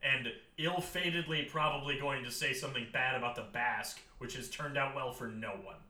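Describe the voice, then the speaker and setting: Bright-voiced joking man, echoey room. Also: mid-range voice, steady tone, brisk. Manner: crude, joking riffs. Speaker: podcast co-host. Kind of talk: casual podcast chat.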